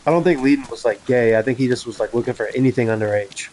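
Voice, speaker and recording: Young guy on voice chat, mid-pitched, laughs a lot, swears, says like every other word. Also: fast talker, a little mellow, low-quality recording. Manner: laughing, swearing, rambling with lots of fillers. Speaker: gamer. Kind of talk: casual chat over voice chat.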